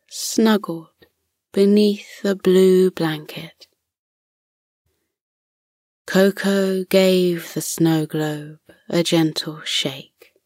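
A woman narrating a bedtime story for children in a soft, hushed voice that often drops to a whisper. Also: lowish voice, no room sound, studio quality.

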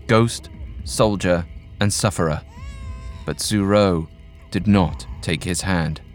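A man narrating a scripted ghost story in a calm, measured manner. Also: on the low side. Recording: narration over soft music.

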